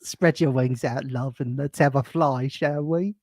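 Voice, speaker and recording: A man's voice: medium pitch, fairly even intonation, measured pace, a little mellow, no echo, clean studio sound. A man doing a playful, theatrical mock-British accent as a flirting reality contestant.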